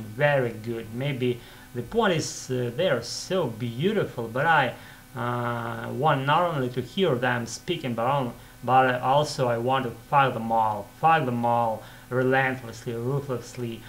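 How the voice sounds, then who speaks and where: A man's voice: medium pitch, a bit bright, slight background noise, low-quality recording. Russian-accented man rambling in English. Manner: halting, many fillers and restarts, non-native phrasing. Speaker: vlogger practicing English. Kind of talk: casual rambling monologue.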